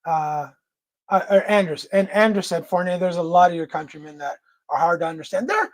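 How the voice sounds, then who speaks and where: A man with an American accent hosting a casual livestream chat, joking around and reading viewer comments aloud in a quick, loose way. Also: high voice, animated, no echo. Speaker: livestream host.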